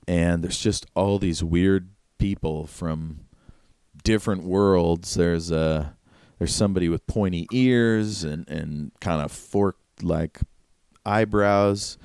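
A man's voice: low-pitched, slow, darkish tone, clean tone, dry recording, studio quality. A man narrating a tabletop game as game master, in a loose, chatty way full of fillers.

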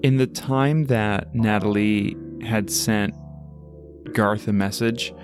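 A man's voice: lowish voice, steady tone, slow. A man playing a tabletop game, narrating his character hesitantly and correcting himself as he goes. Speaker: player. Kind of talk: casual tabletop role-play. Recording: loud guitar music behind.

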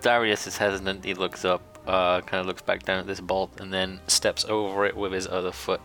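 A man's voice: deep voice, level tone, brisk, pushed and bright, soft background music. A man playing a tabletop game, joking and hesitant. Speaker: player.

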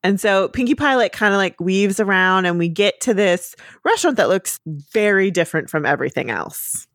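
Brief: giggly, chatty woman co-host, lively pitch, dry close sound. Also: moderate pace, no room sound. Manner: animated and giggly. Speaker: podcast co-host. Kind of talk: casual episode recap chat.

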